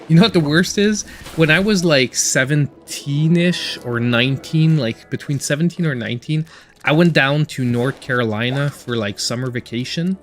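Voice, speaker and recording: A man's voice: a little high, moderate pace, soft background music. A man with a Canadian accent giving casual, rambling let's-play commentary as a gaming channel host. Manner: rambling, filler-heavy chatter.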